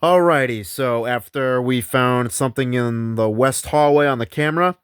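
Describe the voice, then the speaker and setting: A man's voice: mid-range voice, moderate pace, clean tone, no room sound, clean studio sound. A man narrating a paranormal investigation in a casual, rambling way, correcting himself as he goes. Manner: rambling, loose, self-correcting.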